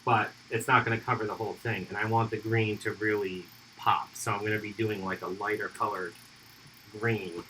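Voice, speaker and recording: Over a noisy background, a man with a lowish voice hosts a miniature painting livestream, speaking at a moderate pace. Relaxed and hiccuping, he thinks aloud and casually explains his airbrush steps as he works.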